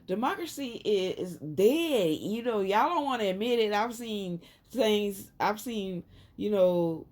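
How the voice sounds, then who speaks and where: A woman with a Southern US accent talks through a tarot reading in an unhurried, drawn-out way. Her voice sits in an ordinary middle range, but she keeps jumping sharply higher and louder to hammer a point home, then settles back. The delivery is loose, emphatic and rambling. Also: lively intonation. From Southern United States. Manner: emphatic, rambling, frequent sudden jumps up in pitch and loudness. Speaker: tarot reader. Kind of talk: casual tarot reading commentary.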